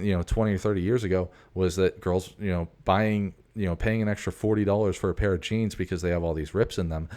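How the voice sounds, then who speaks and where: A man's voice: low voice, darkish tone. A man in his forties hosting a casual, rambling monologue, a profane storyteller who keeps drifting off on tangents. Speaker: host.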